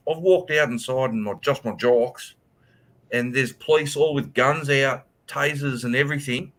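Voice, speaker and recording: Animated man telling a story. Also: medium pitch. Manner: animated, swearing, acts out quotes. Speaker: host. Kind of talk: casual storytelling chat.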